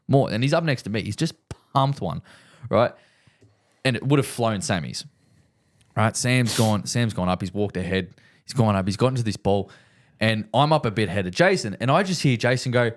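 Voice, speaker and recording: Low-voiced man telling a golf story. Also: normal speed. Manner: animated storyteller, swears freely, says "right?" often. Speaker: podcast co-host. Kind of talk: casual chat.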